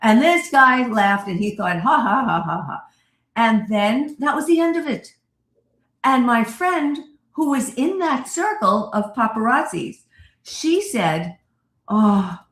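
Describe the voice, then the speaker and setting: A woman therapist telling a lively personal story as a radio guest, acting out the voices of the people she quotes. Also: on the high side, slow, roomy sound. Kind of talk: animated storytelling in an interview.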